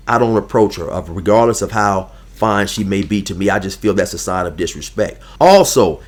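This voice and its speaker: An older man recounts a personal story in a casual, emphatic way, speaking straight to his viewers. His voice sits at an ordinary middle pitch, and he speaks in a relaxed, conversational tone. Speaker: vlogger telling a personal story.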